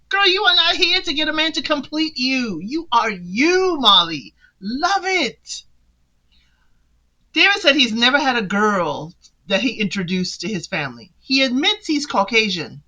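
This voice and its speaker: Woman, casual recap host, sassy, animated pitch, bright tone. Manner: sassy, talks straight to the people she discusses.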